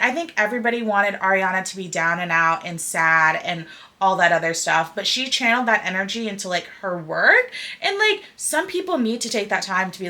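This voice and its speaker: A young woman hosting a casual pop culture podcast, opinionated and animated, saying "like" constantly. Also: mid-range voice. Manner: animated, opinionated, heavy use of "like". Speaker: podcast host.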